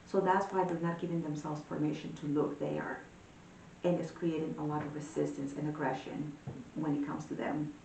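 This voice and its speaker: A woman giving a casual tarot reading, talking in a chatty, animated way with many fillers. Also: normal speed, vocal fry, distant mic. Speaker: tarot reader. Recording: echoey room, voice a bit off-mic, faint rumble.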